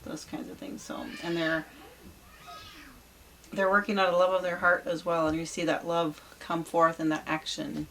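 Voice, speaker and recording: Soft-spoken mom in casual chat. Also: female voice, fairly low pitch, flat delivery, normal speed, slight background noise. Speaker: family vlogger, mother.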